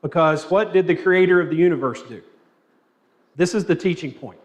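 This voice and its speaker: Man, Bible class teacher, higher-pitched voice, questions the class, light humor, church classroom. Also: moderate pace, dull audio.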